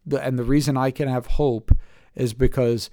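A man's voice: medium pitch, steady tone, normal speed, warm tone, no echo, clean studio sound. A man hosting a casual Bible study podcast, reading scripture and then talking it through, thinking aloud with fillers and restarts. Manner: thoughtful, with many fillers and restarts. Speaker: podcast host.

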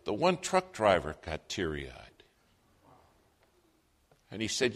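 Animated preacher telling a funny story. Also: male voice, deep voice, slow pace. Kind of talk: sermon storytelling.

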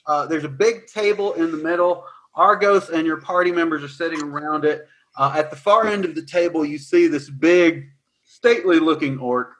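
A man narrating a tabletop game as dungeon master, his voice sitting a little high. He recaps and sets scenes in a lively way, with occasional fillers. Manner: animated, quick recaps with fillers.

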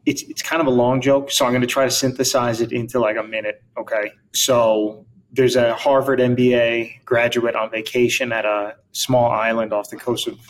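A man's voice: mid-range voice, normal speed, hardly any pauses. A man hosting a casual conversation, telling a long joke and acting out the dialogue in it. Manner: animated storyteller, acts out dialogue, laughs.

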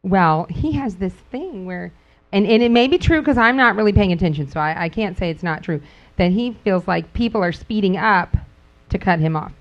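A middle-aged woman speaking casually to a group, telling stories with frequent laughter and acting out quotes in sudden high squeals. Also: lively intonation, moderate pace, hardly any pauses. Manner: laughs often while talking. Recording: dull lo-fi recording.

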